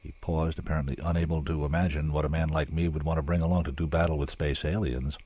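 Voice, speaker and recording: A man narrating a story in a measured, dramatic way, with drawn-out pauses. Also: very deep voice, level tone, dark tone, slightly rough, dry recording.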